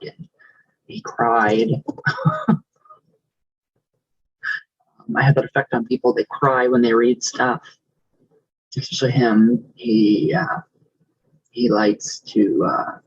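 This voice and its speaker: A husky-voiced man talks in a rambling, gushing way, piling on thanks and affection as he reads comments aloud. His voice has a mid-range pitch. The recording is muffled and lo-fi, like a home setup. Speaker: vlogger. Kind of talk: casual vlog chat reading comments.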